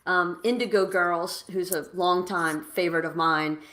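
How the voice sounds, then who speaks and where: A woman hosting a live podcast, upbeat and smoothly filling time while her guest reconnects. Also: lowish voice, steady tone, measured pace, fairly bright tone. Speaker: podcast host.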